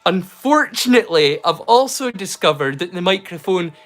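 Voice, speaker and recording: A man from Scotland chats loosely on his livestream, rambling, restarting often, and using slang, all from his home in the Scottish countryside. He speaks at normal speed in a high, animated voice that's a bit bright.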